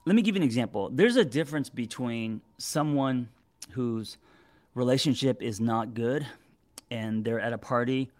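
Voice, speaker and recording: In a mid-range voice, this man in his forties delivers an informal monologue on relationships straight to camera, tripping over words and leaning on plenty of fillers.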